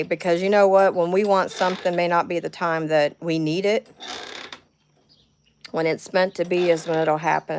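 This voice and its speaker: A middle-aged woman with a thick Southern drawl talks casually into her phone during a home livestream. She sounds a little nervous, stops often to greet viewers by name and answer their comments, and has a soft hiss of noise behind her. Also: on the low side. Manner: chatty, nervous, thanks viewers warmly by name. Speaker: livestream host. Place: home, near a window with birds outside.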